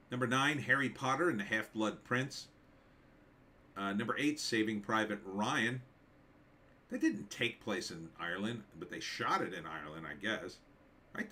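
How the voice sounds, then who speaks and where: A man hosting a livestream, reading through a list in casual commentary and musing aloud with quick offhand asides. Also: medium pitch, bright, forceful tone. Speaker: livestream host.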